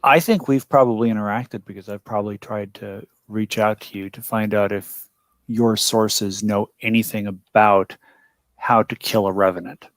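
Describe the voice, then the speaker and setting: A man chats as a player at a tabletop game, his voice sitting on the low side. He rambles and explains things animatedly, leaning on "like" and "you know." The sound is dry and close, with no room around it. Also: fairly even intonation, normal speed, dry recording.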